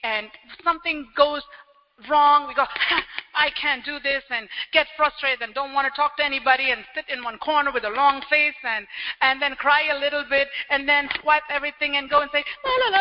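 A man preaching a sermon as pastor, animated and acting out everyday scenes with quick little quoted voices. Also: extremely high pitch, slight background noise. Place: church hall. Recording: dull lo-fi sound with long hall reverb.

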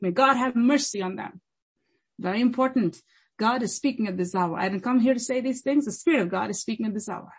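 Husky, high-voiced woman preaching with fire. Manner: impassioned, mimics critics in sing-song voices. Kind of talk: sermon.

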